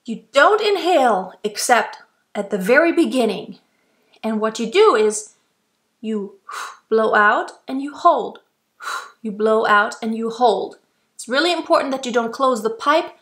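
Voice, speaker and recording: A woman's voice: on the high side, lively intonation, a little slow, fairly bright tone. A woman from Germany, a vocal coach patiently explaining and demonstrating breathing exercises. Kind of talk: instructional explanation.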